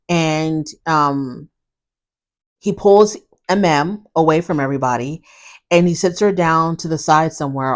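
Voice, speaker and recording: A woman recapping a reality TV episode in casual, animated commentary, often acting out what people said. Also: deep voice. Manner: animated, opinionated, acts out quotes; frequent fillers and restarts.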